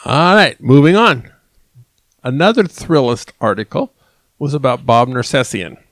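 A man hosting a talk show, moving the conversation from topic to topic in a steady, orderly way. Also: mid-range voice, measured pace, dry recording. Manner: steady, segues between topics. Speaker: podcast host.

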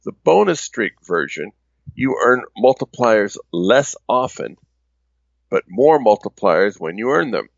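A man reading a scripted segment in a measured, explanatory way. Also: on the low side, very animated, vocal fry, dry recording. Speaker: segment presenter. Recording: dull lo-fi recording.

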